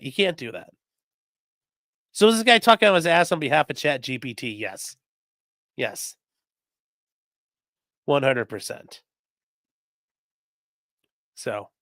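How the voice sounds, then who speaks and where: A defense attorney tells courtroom stories in a casual livestream chat, swearing and animatedly acting out the people he quotes. His voice is a little high and measured, with frequent pauses, and the recording is studio quality with no echo.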